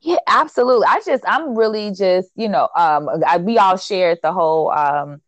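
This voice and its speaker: A woman's voice: mid-range voice, normal speed, no room sound. A woman hosting a podcast in casual chat, upbeat and loose with lots of ums and repeated words. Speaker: podcast host.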